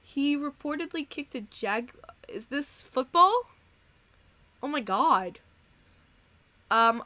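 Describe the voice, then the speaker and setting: A young woman hosting a casual live-stream podcast, reading out chat donations, chatty and quick to laugh and get emotional. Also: a little high, sharp tone, no room sound.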